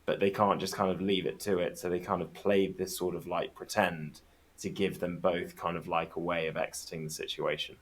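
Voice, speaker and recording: A man's voice: low-pitched, little pitch movement, moderate pace. A man guest on a casual podcast chat, telling stories with enthusiasm and swearing freely.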